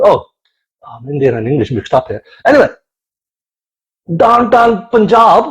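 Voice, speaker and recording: Animated, high-voiced comic storyteller man. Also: normal speed, pauses often, rough recording. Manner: animated, playful, swears freely, slips into accents. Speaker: comedian. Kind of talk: comic monologue.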